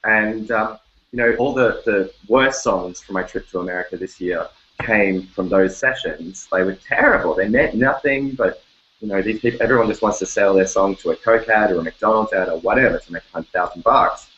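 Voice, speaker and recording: Aussie guy talking songwriting from his bedroom, lowish voice, muffled lo-fi sound. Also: moderate pace. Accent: Australian. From Australia. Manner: chatty, animated, jokey, breaks into sung snippets. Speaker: songwriter guest. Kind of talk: casual interview chat. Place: home bedroom.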